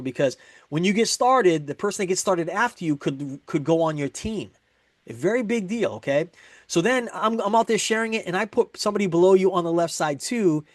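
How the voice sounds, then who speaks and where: A man's voice: high voice, dry recording. A man giving a recorded sales presentation, upbeat and explaining step by step.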